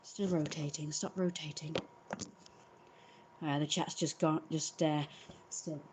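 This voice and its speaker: A woman's voice: low-pitched, fairly even intonation, takes it slowly, background noise. A British woman, exhausted and burnt out, chatting wearily at home during a live stream and swearing casually. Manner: weary, subdued, swears casually.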